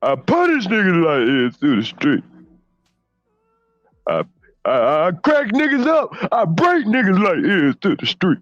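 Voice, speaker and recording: A brash, arrogant washed-up basketball star, as a man puts him on, bragging and cursing in a high, swooping voice that stumbles over its own restarts. The audio is dry, dull and lo-fi, with faint music underneath. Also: wildly swooping pitch, measured pace, a bit bright, no room sound, exaggerated voice. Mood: boastful ranting. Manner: profane bragging, stammered restarts. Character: boastful drunk male ex-basketball star, arrogant. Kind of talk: comedic impression rant.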